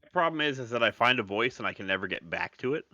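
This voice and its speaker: Lively, bright-voiced man, swearing and joking. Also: medium pitch, fast talker, no room sound, lo-fi sound. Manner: animated, swearing, jokey. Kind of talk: casual chat. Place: home craft room.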